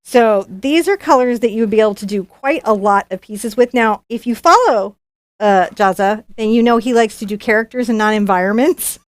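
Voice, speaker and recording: A woman's voice: a little high, normal speed, dry recording. A woman artist hosting a live unboxing stream, chatty and bubbly, often restarting her sentences. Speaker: professional artist and channel host.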